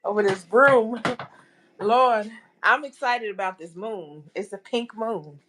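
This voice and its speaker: A woman's voice: medium pitch, takes it slowly, noisy background. Chatty woman hosting a live stream. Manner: loose and chatty, addresses viewers as y'all. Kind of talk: casual live stream chat.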